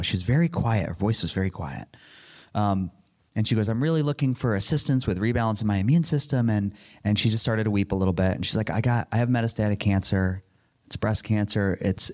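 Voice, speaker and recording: A man's voice: fairly low pitch, a little mellow. A middle-aged man answering a panel question in an earnest, rambling way, with frequent restarts. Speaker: panel speaker.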